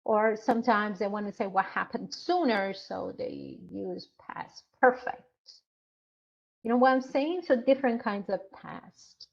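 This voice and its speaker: Slow, deliberate woman instructor lecturing. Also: mid-range voice, vocal fry, muffled recording. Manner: slow, explanatory, with frequent hesitations. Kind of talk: online lecture.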